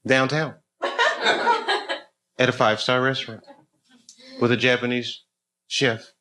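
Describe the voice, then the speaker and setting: A fifty-something comic works the room at a comedy club, keeping his set loose and ribbing the audience while they laugh. His medium-pitched voice stays level and a little slow, and the club recording is noisy.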